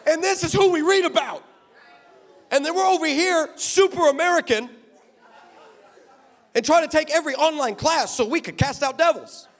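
A man from Texas preaching an energetic, comedic sermon, telling stories with voices and sudden shouts. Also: extremely high pitch, moderate pace, long pauses, a faint crowd. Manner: animated storytelling with voices and shouts. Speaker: guest preacher. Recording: echoey hall with long reverb.

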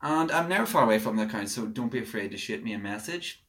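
Chatty young podcast host. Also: male voice, mid-range voice, animated, quick pace, a bit bright. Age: young adult. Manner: chatty, self-deprecating, easily amused. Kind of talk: casual chat. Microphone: no proper microphone.

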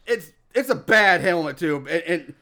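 A man co-hosting a casual podcast, recapping a movie scene by scene in an animated, profane way and laughing often. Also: high voice, moderate pace. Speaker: podcast co-host recapping a film. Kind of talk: casual chat.

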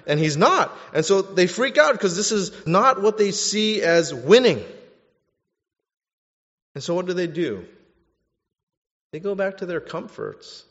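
A man preaching a sermon, animated, swinging between loud bursts and hushed stretches. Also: high-pitched, measured pace. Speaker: pastor. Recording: dull sound with long hall reverb.

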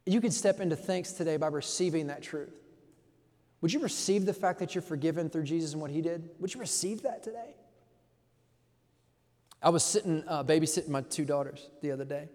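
Energetic young man preaching in a big hall. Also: on the high side, fast. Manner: energetic preaching, swings from soft to loud; casual slangy delivery. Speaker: pastor. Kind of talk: sermon. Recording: long hall reverb.

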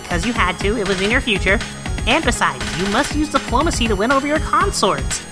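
A man's voice: very high voice, big pitch swings, fast talker, music in the background, voice pushed up. A man voicing a sarcastic teenage alien troll girl, reading a webcomic aloud in roles with mocking, grandly formal phrasing. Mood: theatrical.

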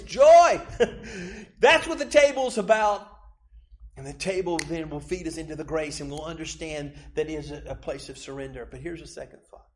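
Dynamic American pastor preaching. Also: male voice, a little high, a little hiss or hum. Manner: dynamic preaching, swinging from hushed to shouting. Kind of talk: sermon. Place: church sanctuary.

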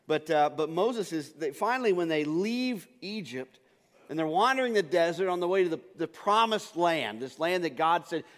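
A man preaching a sermon as pastor, telling stories in a relaxed, casual way and often restarting his sentences. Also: a little high, long reverb tail. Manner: casual storytelling with frequent restarts.

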